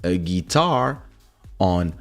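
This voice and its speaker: A middle-aged man hosting a podcast, telling a story in a casual, animated way with laughs as he acts out quotes. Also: low-pitched, very slow, vocal fry, faint music behind. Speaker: podcast host.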